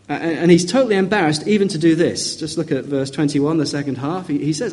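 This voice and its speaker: A male preacher delivering a sermon, his voice mellow and soft-edged, pitched a little high. He reads passages with lively, emphatic rises. Each point comes in an animated rhythm. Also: fairly quick. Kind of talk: expository sermon.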